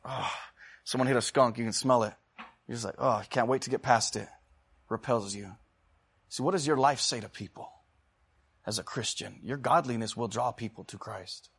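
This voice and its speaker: In a mid-range voice, a preacher moves back and forth from loud, passionate exhortation to quiet, chatty storytelling during his sermon, prompting the congregation to call back.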